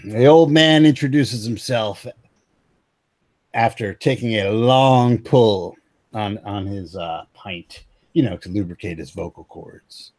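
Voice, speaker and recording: A man narrates a tabletop game as its game master in a slow, rambling way. His voice is low and slightly husky. He talks through scenes with easy fillers. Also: darkish tone. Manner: laid-back, rambling descriptions with fillers.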